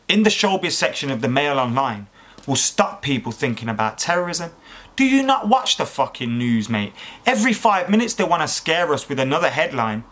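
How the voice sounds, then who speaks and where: A man's voice: mid-range voice, big pitch swings, normal speed, fairly bright tone. A man hosts a comedy vlog, reading online comments aloud and mocking them with sarcastic, exasperated rhetorical questions and plenty of swearing. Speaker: YouTube host reacting to online comments.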